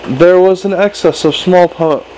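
A man's voice: sits high, unhurried, a little mellow, a little hiss or hum, low-quality recording. A man narrating a comic fantasy novel in a wry tone, with small stumbles and restarts. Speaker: audiobook narrator.

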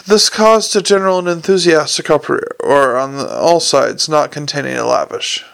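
A man narrating a novel aloud in a wry, measured reading with occasional slips. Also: a little high, creaky, a bit bright, low-quality recording. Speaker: audiobook narrator.

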